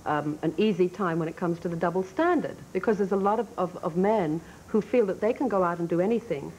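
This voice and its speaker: A middle-aged English woman, an author guest on a talk show, chatting in a lively, frank, playful way. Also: lowish voice, brisk, a little hiss or hum, rough recording. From England. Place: TV studio with audience.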